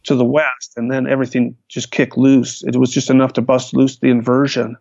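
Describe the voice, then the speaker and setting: A man, a hang glider pilot, recounting his flights in a lively storytelling manner. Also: medium pitch, fairly quick, gravelly, no echo. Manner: animated, vivid retelling with restarts. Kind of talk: storytelling in a conversation. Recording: dull, lo-fi, dry sound.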